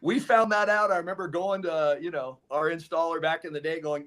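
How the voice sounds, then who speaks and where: The co-owner of a solar company talks a little fast with few pauses, his pitch fairly high. In this casual interview he tells stories with animation, imitating others' words and laughing.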